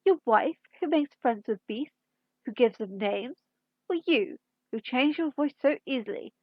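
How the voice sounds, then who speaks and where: A woman's voice: high voice, animated, a little slow, no room sound, muffled recording. A woman reading aloud, voicing an imperious, scolding queen in a formal tone. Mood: suspicious. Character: imperious indignant royal queen, adult woman.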